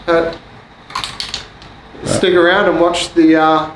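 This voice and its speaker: Chatty, slightly high-voiced man in echoing room. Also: little pitch movement, slow, long pauses, slight background noise. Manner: chatty, joking, loose with fillers. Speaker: vlog host doing renovation work. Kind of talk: casual on-site explanation. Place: indoor kitchen under renovation. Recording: echoey room with loud music behind.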